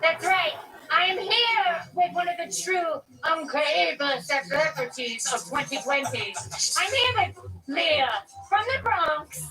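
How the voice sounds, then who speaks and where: A woman reporting live outdoors at a New Year's celebration, interviewing a guest in an excitable, gushing way. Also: very high voice, a little slow, distant mic. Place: outdoors in a city square on New Year's Eve.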